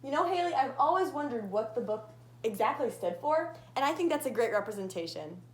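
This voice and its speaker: A woman's voice: on the high side, expressive, fairly quick. A teenage girl eagerly asking and answering questions as host of a scripted student talk show. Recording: echoey room.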